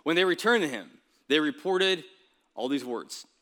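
A man preaching a sermon in a relaxed, everyday way, as if chatting with the congregation. His voice sits a little high for a man and sounds bright and forceful. He keeps tossing in quick asides to the listeners. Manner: casual, conversational preaching with frequent "right?" asides. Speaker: pastor.

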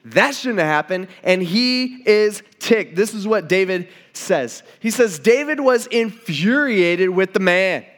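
A man's voice: sits high, animated, takes it slowly, hardly any pauses. A man preaching a sermon in a casual, conversational way, retelling a story and acting out its dialogue. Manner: conversational, acts out dialogue, many restarts.

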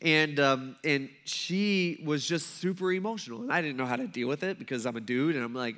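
A man's voice: sits high, animated, brisk, sharp tone. A man preaching a casual, storytelling sermon to his congregation, acting out the voices in his anecdotes. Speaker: pastor. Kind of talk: conversational sermon.

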